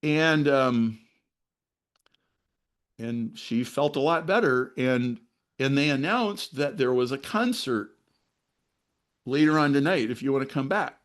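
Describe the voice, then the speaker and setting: A man's voice: medium pitch, slow pace, long pauses. A man telling a personal story to a discussion group, acting out the other people in it. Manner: animated, acts out other people's lines in the story. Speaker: discussion leader. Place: online video meeting.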